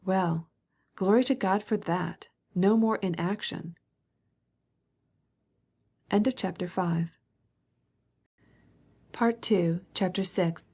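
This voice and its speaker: A woman reading a classic novel aloud as an audiobook narrator, mostly even and unhurried, lifting her voice slightly for dialogue. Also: lowish voice, breathy edge. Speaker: audiobook reader.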